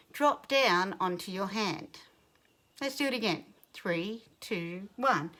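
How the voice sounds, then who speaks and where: A woman teacher giving a recorded lesson to young children, speaking clearly and patiently and sounding out words. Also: mid-range voice, fairly bright tone.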